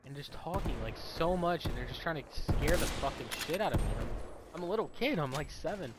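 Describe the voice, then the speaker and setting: A young man telling a story in a casual, profane, animated way while gaming. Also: a little high, brisk, heavy background noise. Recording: loud game gunfire underneath. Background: video game gunfire and voice lines.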